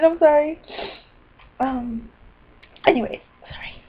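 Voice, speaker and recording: A woman talking into her computer's webcam in a rambling video diary, scattered and apologetic, with bursts of excitement. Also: a little high, normal speed, long pauses. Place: indoors at a computer. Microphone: built-in computer webcam mic. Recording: dull lo-fi webcam audio.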